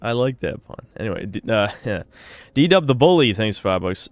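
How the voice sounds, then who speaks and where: Sardonic low-voiced male streamer. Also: big pitch swings, moderate pace, dry recording. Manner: sardonic and profane. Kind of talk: live stream chat reading donations.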